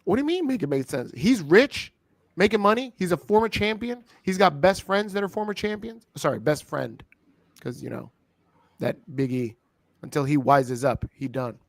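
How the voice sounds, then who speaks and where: Excitable, lively-pitched swearing man. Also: normal speed, vocal fry, no room sound. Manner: excitable, swearing, laughing, with frequent impersonations. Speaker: co-host of a wrestling review show. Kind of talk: casual, profane chat.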